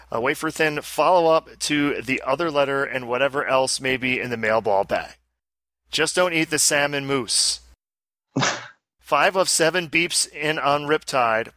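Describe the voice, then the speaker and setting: A man's voice: medium pitch, bright, forceful tone, no echo. A man co-hosting a casual podcast, reading listener letters aloud and breaking in with joking asides. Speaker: podcast co-host.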